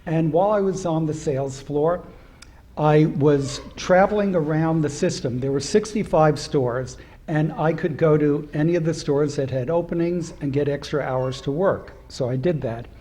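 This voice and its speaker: A man's voice: a little high, normal speed, mellow. A rabbi in his seventies giving a humorous anecdotal speech at a celebration, acting out the voices of people in his stories. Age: 70s. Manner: storytelling with humor, acts out quoted voices. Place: synagogue hall at an event.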